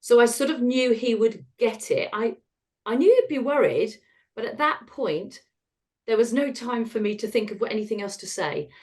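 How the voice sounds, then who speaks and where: A woman's voice: a little high, expressive, moderate pace, a little mellow. A middle-aged British woman, a retired osteopath, telling her own story frankly and wryly in an interview, acting out bits of dialogue. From United Kingdom. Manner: frank, wry, acts out dialogue in quotes.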